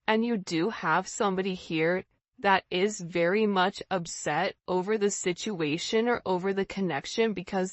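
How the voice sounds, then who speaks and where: Woman tarot reader, chatty and intuitive, middle pitch, slightly muffled recording. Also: dry recording. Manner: intuitive, repetitive, casual phrasing. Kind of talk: tarot reading monologue.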